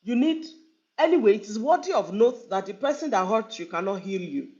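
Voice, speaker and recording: Woman hosting a live talk, mid-pitched and conversational, dull lo-fi stream audio. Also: expressive, brisk, a little mellow. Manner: earnest, conversational, repeats phrases for emphasis. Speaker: relationship speaker.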